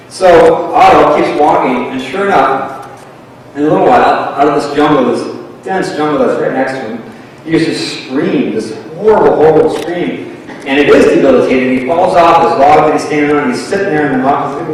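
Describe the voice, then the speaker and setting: A man preaching a sermon as pastor, telling a story with lively acted-out voices. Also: a little high, brisk, slight background noise. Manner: animated storyteller acting out voices. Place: church sanctuary. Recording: echoey hall, mic from a distance.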